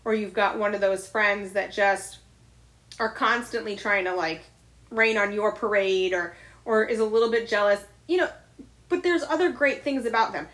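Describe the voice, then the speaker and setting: A woman's voice: medium pitch, a bit bright. A middle-aged woman co-hosting a podcast, talking in a blunt, confessional way with frequent swearing. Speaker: podcast co-host. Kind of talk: candid casual chat.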